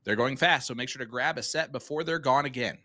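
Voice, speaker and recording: Male darts stream host, chatty promo reads, brisk delivery. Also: medium pitch, pushed and bright. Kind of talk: live darts commentary with sponsor reads.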